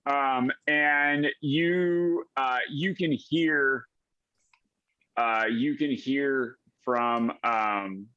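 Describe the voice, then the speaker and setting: Slow, hesitant male game master. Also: medium pitch, bright, forceful tone, smooth, lo-fi sound. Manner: hesitant, many fillers and restarts. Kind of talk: narrating a tabletop game.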